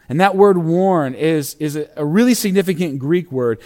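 A male pastor preaching a sermon, reading scripture aloud and stressing key words with dramatic pauses and bursts of intensity. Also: on the high side, animated, a little mellow.

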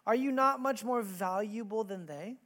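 A man in his thirties preaching a sermon in a church, telling a personal story with lively acted-out quotes before reading scripture. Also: high voice, moderate pace. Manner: animated storytelling, acts out quotes with raised voice. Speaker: pastor.

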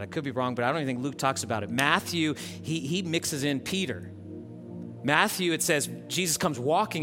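A male pastor delivers a sermon in an easy, talky way that swells into fervent emphasis. His voice sits a little high for a man. Music plays clearly underneath. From Southern California. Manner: conversational, building to impassioned.

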